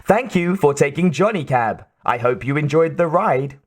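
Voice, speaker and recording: A man's voice: a little high, expressive, moderate pace, pitched above the performer's own voice. A man voicing a cheerful, overly literal robotic mannequin cab driver in an audiobook.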